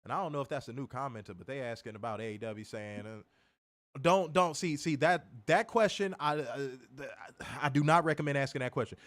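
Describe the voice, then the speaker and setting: A man's voice: medium pitch, a little fast. A man co-hosting a wrestling review show, reading comments and ranting casually with plenty of profanity. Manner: animated, profane, laughing rants.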